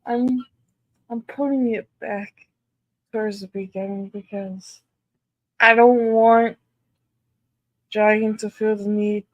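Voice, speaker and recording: A young woman talks to her stream in an unhurried, drawn-out way, swearing constantly and reacting with exclaimed disbelief. Her voice sits at an ordinary pitch for a woman. The sound is dry and close, with no room echo. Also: fairly even intonation, lo-fi sound. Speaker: live streamer. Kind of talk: casual live-stream chat.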